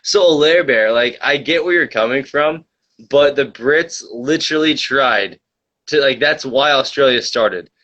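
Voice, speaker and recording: A man hosts a comedy livestream talk show, reading viewer comments aloud and joking in a rambling, mock-conspiratorial style. His voice is medium-pitched, unhurried and a bit bright, captured on a dull lo-fi mic.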